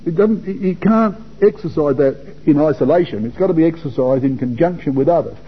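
Husky older man teaching a Bible class. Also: a little high, brisk. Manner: chatty, repeats words, asks listeners questions. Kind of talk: informal Bible talk to young men. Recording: dull lo-fi recording.

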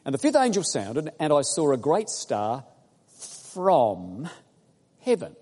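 A man preaching a sermon, emphatic and building to loud exclamations as he addresses the congregation. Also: on the high side, wildly swooping pitch, moderate pace. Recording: long hall reverb.

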